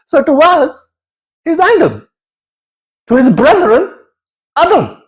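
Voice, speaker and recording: Animated man with a lively high voice. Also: measured pace, pauses often. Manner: animated, digressive storytelling with exclamations. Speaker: comic storyteller. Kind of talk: comic monologue.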